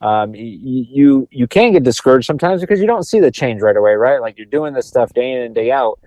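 A man co-hosting a podcast talks in a rambling way, stumbling over repeated words. His voice is dark and mellow. The recording is close and dry. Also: mid-range voice, animated, quick pace, dry recording. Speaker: podcast co-host. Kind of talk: casual podcast chat.

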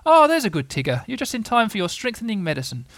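A man's voice: sits high, huge pitch swings, fast, a bit bright, no room sound, voice pushed up, full character voice. A man voicing a kindly, fussing mother kangaroo. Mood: motherly.

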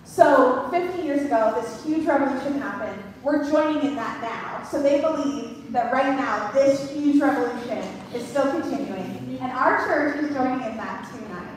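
A woman's voice: sits high, moderate pace, few pauses. A woman giving an upbeat, explanatory announcement to a church gathering in a fellowship hall. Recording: echoey hall, distant mic, faint noise.

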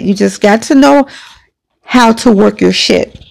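Gravelly-voiced woman telling a personal story. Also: mid-range voice, a little slow. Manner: casual, emphatic, conversational with many fillers. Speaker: podcast host.

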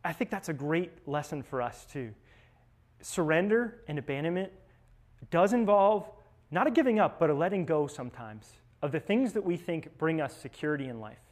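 A man's voice: fairly high pitch, expressive, moderate pace, darkish tone. A young man, a seminarian, giving a conversational spiritual reflection, telling stories and often checking in with tag questions. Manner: storytelling, with frequent tag questions.

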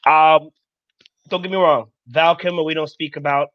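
A man gives relaxed, offhand opinions in a casual co-hosted chat. The sound is dry and a little dull. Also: fairly high pitch, moderate pace, dry recording. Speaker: podcast co-host.

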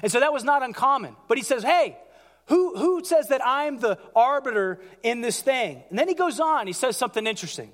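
A man preaching a sermon as pastor, animated, acting out quotes in a raised voice. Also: very high voice, fairly quick. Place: large church hall. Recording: church hall with long reverb.

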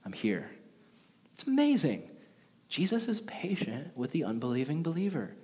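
A man preaching a sermon in a casual, conversational and animated way. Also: a little high, moderate pace. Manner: conversational, animated, with acted quotes. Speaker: pastor. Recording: long reverb of a large hall.

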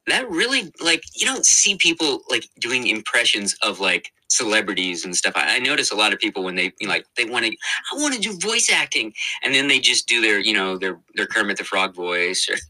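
A man talking casually about his work as a voice actor, his voice very bright and forceful. His pitch swings widely as he talks, and he laughs easily and circles back with lots of fillers and restarts. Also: brisk, hardly any pauses, low-quality recording. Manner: animated, laughs often, many fillers and restarts. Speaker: voice actor guest. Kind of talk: casual interview chat.

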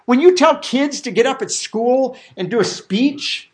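Lively, animated preacher man. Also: extremely high pitch, a little slow. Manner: animated, acts out quotes. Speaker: pastor. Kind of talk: verse-by-verse sermon.

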